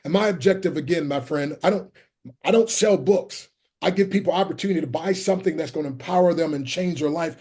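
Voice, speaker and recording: Man, middle-aged, fervent scripture-quoting delivery, mellow dark tone, raised pitch. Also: fast talker, slightly rough. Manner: fervent, quotes scripture, calls the host "my friend". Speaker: guest, motivational speaker. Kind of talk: preaching-style interview talk.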